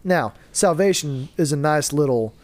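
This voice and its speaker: A man's voice: fairly high pitch, lively intonation, moderate pace, dry recording. A man hosting a casual faith discussion, explaining his view earnestly and answering his own rhetorical questions. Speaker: podcast host.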